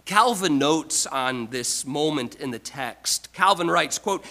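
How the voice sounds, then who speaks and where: Bright-voiced man preaching slowly. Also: a little high, animated, low-quality recording. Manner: emphatic preaching with repeated restarts, swings from loud to quiet. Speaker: pastor. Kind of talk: sermon.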